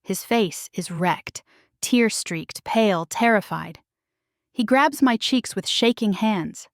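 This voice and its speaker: A woman's voice: mid-range voice, lively intonation, slow, no echo, clean studio sound. A woman narrating a first-person romance audiobook in a dramatic, intimate storytelling manner.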